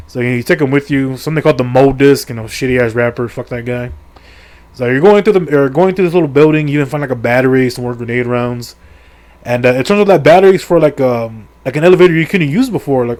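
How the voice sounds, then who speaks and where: A middle-aged video creator rambles through a casual recap of a video game story, crude, profane and joking, with plenty of swearing and fillers. He speaks fast in a mid-range, slightly mellow voice.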